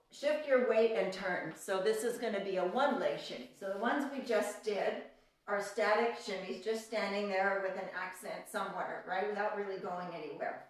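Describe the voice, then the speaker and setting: A woman teaching a live online belly dance class, counting beats aloud as she demonstrates and chatting cheerfully with her students. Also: mid-range voice. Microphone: phone camera away from her. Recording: echoey room, voice from a distance, music faint behind.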